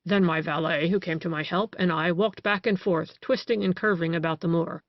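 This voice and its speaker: A cunning, boastful male detective, put on by an audiobook reader, savoring every detail of his tale. The voice is mid-pitch, recorded dry and slightly dull. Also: fairly even intonation, normal speed, dry recording, close to an everyday voice.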